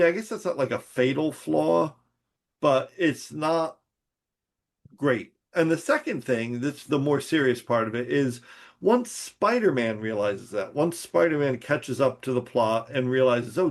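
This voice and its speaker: Regular-pitched guy on a podcast, kinda hesitant, lots of ums, agrees a lot. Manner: hesitant, many fillers and restarts, agreeable. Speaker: podcast co-host. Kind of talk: casual movie chat.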